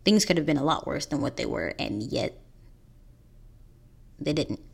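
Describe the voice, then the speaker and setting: Young female podcast host, low voice, earnest halting personal storytelling. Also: lively intonation, creaky, slightly rough. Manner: earnest, halting, pauses and restarts.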